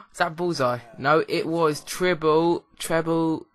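A man's voice: on the high side, slow pace. A young man giving casual, rambling, jokey commentary while playing a video game. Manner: rambling, jokey, with many restarts. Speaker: let's play host.

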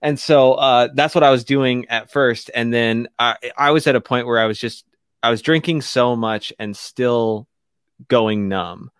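A man telling a candid, emotional personal story as a guest on a radio talk show, halting often and restarting his sentences. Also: medium pitch, steady tone, smooth, no room sound, clean studio sound. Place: radio studio.

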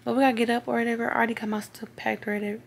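A woman's voice: on the high side, little pitch movement, very fast, creaky, slight background noise. A young woman chatting casually to her viewers. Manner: chatty, slangy, talks straight to viewers. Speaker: vlogger. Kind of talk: casual vlog chat.

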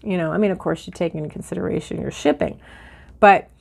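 A middle-aged woman chatting excitedly while she shows off her finds and opens mail, a little teary-eyed. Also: lowish voice, quick pace, vocal fry. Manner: chatty and excitable, with many fillers. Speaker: vlogger. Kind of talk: casual haul and mail-opening chat.

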